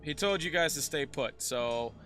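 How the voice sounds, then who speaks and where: A young man narrating as game master, halting and restarting as he describes the scene. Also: fairly high pitch, expressive, loud music behind the voice. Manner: halting, many fillers and restarts.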